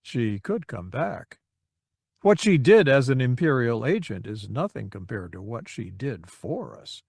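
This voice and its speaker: A man's voice: medium pitch, big pitch swings, a little slow, gravelly, a little mellow, breathy edge, dry recording, studio quality, full character voice. A man doing a curt, suspicious veteran general. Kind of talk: audiobook character reading.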